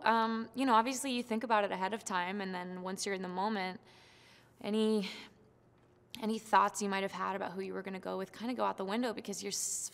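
A young woman tells the story of her audition in an interview, animated and excited, tripping over fillers and restarts. Her voice has a gravelly fry at mid pitch, and a long reverb hangs on her words. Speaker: singing contestant. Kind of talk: interview soundbite, recounting an experience.

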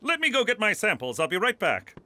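An actor playing a formal, overly polite Mountie in an adult cartoon. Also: male voice, high voice, huge pitch swings, a little fast, sharp tone, no echo, exaggerated voice. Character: prim Canadian Mountie man, earnest and hapless.

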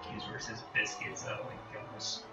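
Streaming a game live, a Northern-accented man from the United States chats and meanders at a moderate pace, self-deprecating and easily pulled off track. His voice is picked up by a distant mic in a roomy room, with music playing underneath.

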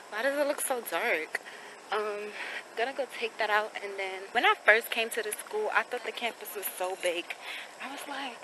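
A young woman talking casually as she vlogs around a college campus, rambling and slangy. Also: a little high. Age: young adult. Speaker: vlogger. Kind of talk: casual vlog chat. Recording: loud background noise.

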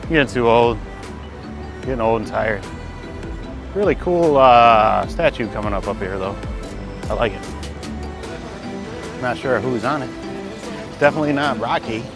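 A man's voice: medium pitch, a little slow, pauses often, music in the background. A middle-aged man from Detroit, chatting casually as he vlogs outdoors in a city with a handheld camera. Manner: chatty, self-deprecating, often winded. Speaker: vlogger. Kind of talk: casual travel vlog. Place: outdoors in a city, by stone steps. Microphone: handheld compact camera.

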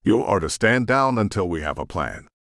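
A stern, commanding woman, read by a man in his own deep voice. She gives clipped, no-nonsense orders. The sound is dry and close. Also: sing-song, normal speed, a bit bright, no room sound. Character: stern commanding woman demon-hunt leader.

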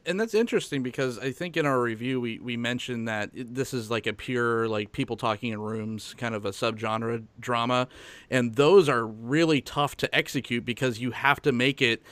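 A man's voice: mid-range voice, a bit bright, no room sound. A man hosting a film podcast, asking long, searching questions. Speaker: podcast host. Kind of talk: interviewer questions.

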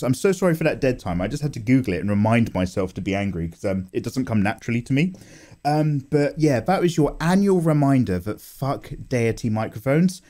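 A young man chatting casually on his art channel as he draws, animated and self-mocking, swearing and laughing as he goes, recorded on a condenser microphone at home. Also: mid-range voice. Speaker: art YouTuber. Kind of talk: casual chat while drawing.

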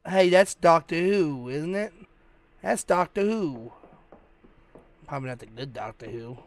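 A man's voice: a little high, animated, a little slow, no echo. A man hosting a gaming channel, giving hyped, slangy, joking commentary while he plays a horror game. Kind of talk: let's-play commentary.

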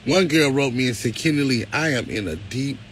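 A man's voice: medium pitch, expressive, brisk, fairly bright tone, slight background noise, poor audio. A man talking to his viewers on a livestream, emotional and close to tears, with a preacherly lift. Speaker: live-stream host.

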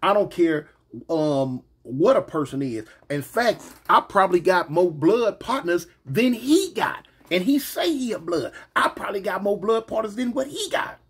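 Husky-voiced man telling a street story. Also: sits high, normal speed. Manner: animated, slangy, repeats "you know what I'm saying". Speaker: vlogger telling a personal story. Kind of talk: casual storytelling to viewers.

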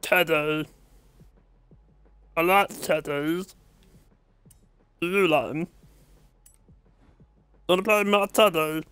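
A man voicing a sweet, slightly creepy teddy bear that talks softly and coaxingly to the viewer. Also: on the high side, slow pace, long pauses, smooth, no room sound, soft background music. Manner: soft, coaxing, childlike address to the viewer.

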